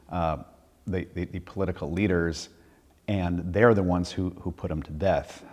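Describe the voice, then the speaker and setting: Deep-voiced man, reflective and halting. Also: a little mellow, in a large hall. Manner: reflective, halting with repeated words. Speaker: church leader discussing a sermon. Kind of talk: casual midweek conversation.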